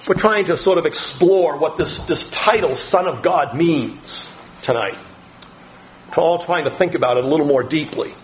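A middle-aged pastor preaching a sermon, teaching from the Bible in a slow, deliberate way with pauses and fillers. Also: male voice, on the high side, slight background noise, low-quality recording.

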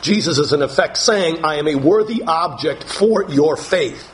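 A man with a slightly high voice preaches a sermon, reading verses slowly and then explaining them with emphatic repetition. A faint hiss runs underneath the recording. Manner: slow, emphatic scripture reading, rising to higher pitch when dramatizing.

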